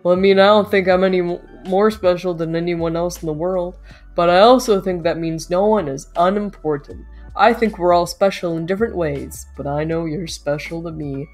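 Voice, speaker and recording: A sweet, humble rat suitor from a game, speaking softly and earnestly, as a woman reads him. The tone is a little low, with faint music in the background. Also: normal speed, natural voice. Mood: tender.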